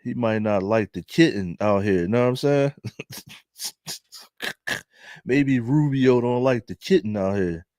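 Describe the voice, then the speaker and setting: A young man with a Philadelphia accent doing casual, laughing commentary to his viewers in drawn-out slang. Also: mid-range voice, a little mellow, dry recording, studio quality. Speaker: commentary vlogger.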